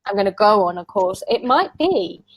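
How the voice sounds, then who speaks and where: A woman's voice: mid-range voice, big pitch swings, normal speed, slightly rough, no echo, low-quality recording. Chatty woman, dry close sound. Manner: chatty storyteller who laughs often. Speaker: tarot reader, summit guest. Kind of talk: casual conversational interview.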